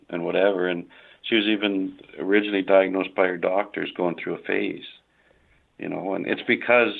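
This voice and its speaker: Middle-aged man, very low gravelly voice, halting and full of fillers, phone-like sound. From Canada. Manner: halting, many fillers and restarts. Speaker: guest. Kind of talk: personal story in conversation. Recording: tinny phone-like line.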